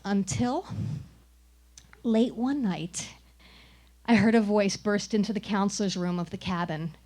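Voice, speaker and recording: A woman's voice: medium pitch, a little slow, a little mellow. A woman performing a wry, comic personal story at a live storytelling showcase. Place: small live venue.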